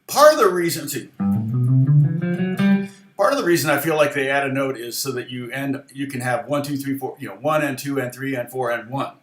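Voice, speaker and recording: A man's voice: mid-range voice, expressive, brisk, reverberant. A middle-aged man giving a casual livestream guitar lesson, chatty and rambling, with many fillers and restarts. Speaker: guitar teacher.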